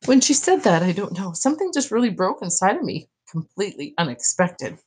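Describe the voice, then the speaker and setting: A woman reading aloud from a novel, narrating in an expressive, emotional way. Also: mid-range voice, a little fast, breathy edge, poor audio. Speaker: audiobook reader.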